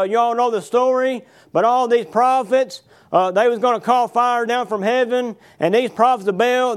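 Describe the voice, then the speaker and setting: A preacher delivers a sermon, reading Bible verses aloud and then unpacking them for his congregation. His voice sits unusually high for a man and stays smooth and resonant. He keeps asking his listeners questions like "you know what happened?". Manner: asks the congregation rhetorical questions; reads verses aloud, then paraphrases with fillers. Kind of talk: sermon reading and expounding scripture. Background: congregation answering amen.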